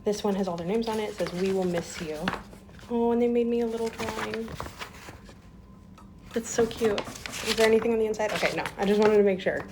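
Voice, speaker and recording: A woman's voice: mid-range voice, steady tone, a little fast, pauses often, background noise. Emotional young woman, chatty vlog. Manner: chatty, fillers, on the edge of tears. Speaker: school aide. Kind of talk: casual vlog. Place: school classroom.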